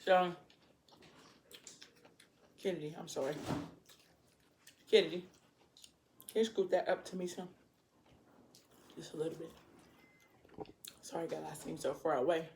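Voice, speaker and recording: Low-voiced woman chatting while eating. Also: fairly even intonation, a little mellow, slight background noise. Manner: casual and rambling, with quick apologetic asides. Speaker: vlogger.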